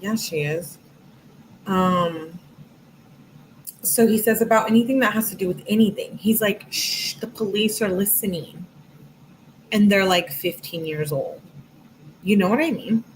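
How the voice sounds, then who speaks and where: A woman's voice: mid-range voice, a little slow, pauses often, slight background noise, poor audio. A woman reading text messages aloud in a casual, sarcastic way, adding her own asides. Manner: casual, sarcastic asides, reads with rising emphasis. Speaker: true crime commentator.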